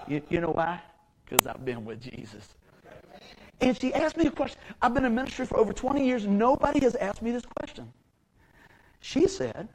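A middle-aged man, preaching a sermon as a pastor, telling folksy stories and swinging from quiet asides to loud, excited outbursts. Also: high-pitched, moderate pace, poor audio.

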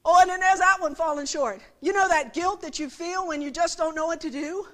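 A woman's voice: very high-pitched, fairly quick, fairly bright tone. A middle-aged woman giving a conversational sermon, often asking the audience rhetorical questions and acting out quotes. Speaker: speaker at a church service.

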